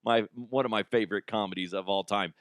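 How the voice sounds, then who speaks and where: His voice is fairly low and steady, and he talks fast, with no room sound in the recording. The speaker is a podcast host from Colorado, a little flu-ridden, rambling through a comedy monologue where he mocks himself and cracks crude jokes.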